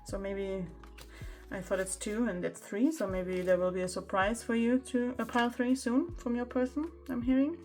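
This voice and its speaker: A woman's voice: fairly high pitch, fairly even intonation, normal speed, mellow. A woman giving a pick-a-card tarot reading, chatting and exclaiming over the cards as she reads them aloud. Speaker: tarot reader.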